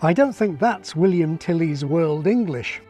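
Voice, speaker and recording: A man giving scripted narration for a video essay, measured and explanatory. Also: fairly high pitch, expressive, mellow, soft background music.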